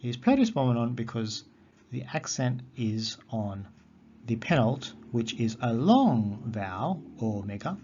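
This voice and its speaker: A man teaching a recorded lesson on Greek accents, methodical and repeating key terms slowly. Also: mid-range voice, expressive, warm tone, highs cut off, a little hiss or hum.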